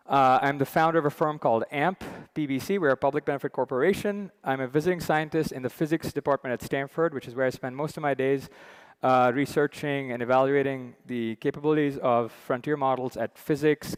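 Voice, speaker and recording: A man's voice: medium pitch, clear, resonant tone. A man talks from a conference stage in a loose, chatty way, filling gaps with "uh" and "um". His voice sits in the middle of the range. A long hall reverb trails behind every phrase. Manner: relaxed, chatty, with many fillers. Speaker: session chair.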